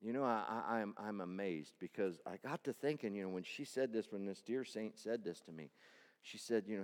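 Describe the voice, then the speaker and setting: A man preaching a sermon, moving between loud, intense appeals and quiet, personal storytelling. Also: lowish voice, lively intonation, fairly quick. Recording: long reverb hall.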